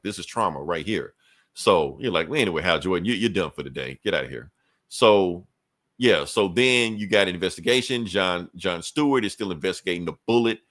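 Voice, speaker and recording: A man hosting a podcast, recapping a comic issue in loose casual storytelling, acting out characters' lines in quick asides with plenty of profanity. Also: low-pitched, a bit bright. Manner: frequent profanity and fillers. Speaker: podcast host.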